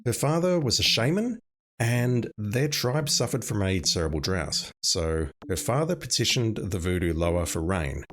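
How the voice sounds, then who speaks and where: A man's voice: fairly low pitch, sing-song, a little slow, a bit bright. A man narrating a game playthrough, summarizing the story in a dry, wry way with joking asides. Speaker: let's play narrator. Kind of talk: casual game commentary and summary.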